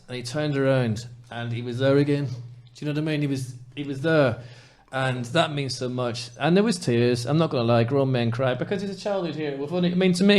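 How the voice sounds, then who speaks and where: A man's voice: medium pitch, a little mellow. Impassioned man ranting on a podcast. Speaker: podcast host. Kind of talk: casual football podcast chat.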